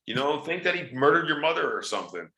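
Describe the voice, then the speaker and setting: A man's voice: a little high, quick pace, reverberant. A man, a wrestler and actor, chatting casually in an interview and telling stories with acted-out quotes. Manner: animated storyteller, acts out quoted voices.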